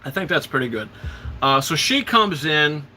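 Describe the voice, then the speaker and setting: A man's voice: on the high side, sing-song, moderate pace, pushed and bright, a little hiss or hum. A man hosting a casual live film commentary, retelling scenes with enthusiasm and stammered restarts. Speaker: host.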